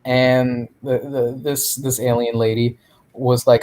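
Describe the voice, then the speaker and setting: A man's voice: medium pitch, completely flat delivery, slow pace, a little mellow. A man co-hosting a podcast, recapping a comic in a joking way and acting out the characters' lines. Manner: jokey, acts out character lines. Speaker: podcast co-host. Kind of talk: casual comic-book recap.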